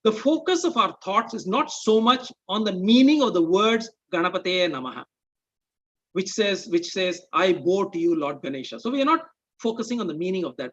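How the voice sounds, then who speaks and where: A man with a fairly high, slightly husky voice walks listeners through an explanatory talk in a measured way. He keeps stopping to check in with the audience. The recording sounds muffled and lo-fi. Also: a bit bright. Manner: measured, explaining with rhetorical checks like "okay?" and "right?". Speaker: presenter.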